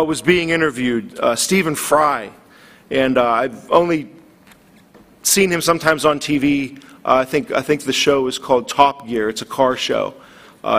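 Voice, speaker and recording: A man's voice: mid-range voice, a bit bright. A man preaching a sermon, earnest and building in intensity. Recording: long hall reverb.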